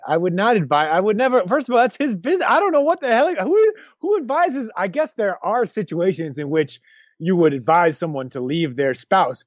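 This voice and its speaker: High-voiced man rambling on a dry lo-fi mic. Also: no echo. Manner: rambling, lots of restarts, animated. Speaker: podcast co-host. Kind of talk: casual sports chat. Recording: dull lo-fi dry sound.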